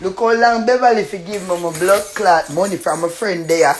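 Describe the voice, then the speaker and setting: A woman's voice: on the low side, normal speed, background noise. Cursing Jamaican woman in a heated row. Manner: loud cursing patois, taunting with bursts of laughter. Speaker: tenant in a dispute. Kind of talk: heated real-life argument.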